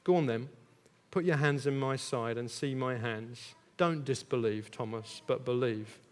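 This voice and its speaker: A man voicing Jesus as a gentle, calm figure, speaking softly and slowly. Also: high voice, heavily acted. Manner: soft, slow and hushed. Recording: long echo of a large hall.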